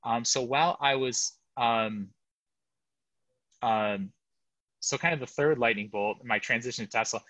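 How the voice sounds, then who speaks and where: A man's voice: mid-range voice, measured pace, long pauses, a bit bright, dry recording, highs cut off. A middle-aged man as an interview guest, telling a long rambling story and interrupting himself. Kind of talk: casual interview chat.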